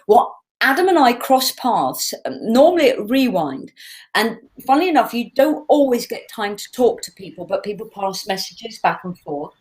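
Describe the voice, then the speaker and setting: A woman in her sixties, a singer chatting casually through a fan Q&A, lively and laughing as she tells stories. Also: on the high side, moderate pace, low-quality recording. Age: 60s. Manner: chatty, animated and laughing when telling stories. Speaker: singer hosting a live Q&A. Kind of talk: casual chat answering fan questions.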